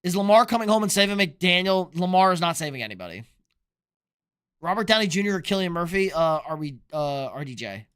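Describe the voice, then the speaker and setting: Young guy, sports streamer, sharp high voice, loose and profane, a few beers in. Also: sing-song, brisk, smooth. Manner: loose, profane, reads chat questions aloud. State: drinking beer. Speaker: sports streamer answering chat. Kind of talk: casual live-stream chat.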